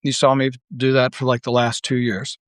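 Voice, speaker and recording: A man's voice: mid-range voice, little pitch movement, normal speed, fairly bright tone, dry recording. A man delivering an unscripted monologue as an online commentator, heated and blunt, with profanity, rambling restarts and rhetorical questions.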